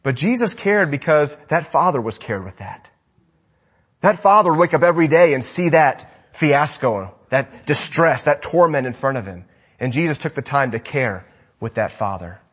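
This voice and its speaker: A man preaching a sermon with passion, his voice rising loud and dropping to a hush. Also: a little high, lively intonation, moderate pace, slightly rough. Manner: impassioned preaching, swinging between loud and hushed. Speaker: pastor.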